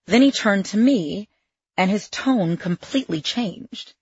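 A woman's voice: mid-range voice, animated, measured pace, darkish tone, breathy edge, dry recording, highs cut off. A woman reading her own memoir in the first person, with a wry, sardonic edge to her asides. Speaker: memoir narrator.

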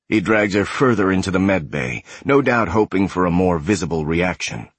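A man narrating an audiobook thriller in a steady, measured, tense way. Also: low voice, slightly rough, no room sound.

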